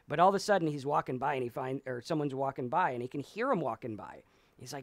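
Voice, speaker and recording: A man's voice: fairly high pitch, expressive, fairly quick, dry recording. A man co-hosting a casual live talk, reading viewer comments and telling stories at length. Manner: rambling storyteller, acts out voices. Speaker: podcast co-host.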